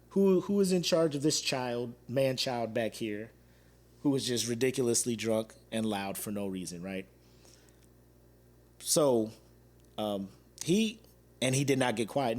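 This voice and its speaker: Guy in his 30s ranting casually on his podcast, laughing a lot, acting out other people. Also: medium pitch. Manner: animated, laughs often, acts out quoted fans. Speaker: podcast host. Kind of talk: casual storytelling monologue.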